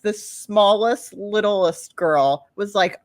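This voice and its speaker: A woman co-hosting a podcast tells a story in casual chat, animatedly acting out the quotes. Her voice is medium-pitched and slow-paced, recorded dry with clean studio sound.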